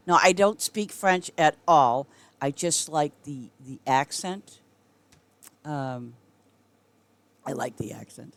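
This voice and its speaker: A woman's voice: low-pitched, slow, pauses often. A middle-aged woman streaming a game and chatting casually with her viewers, rambling and often breaking into giggles. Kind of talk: casual chat with viewers while gaming.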